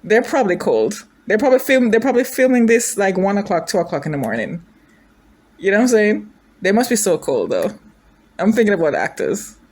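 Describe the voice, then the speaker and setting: A woman's voice: medium pitch, big pitch swings, brisk, a little mellow, slight background noise. A woman chatting casually as she reacts to a drama, thinking aloud, gushing, and asking her viewers questions. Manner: emotional, gushing.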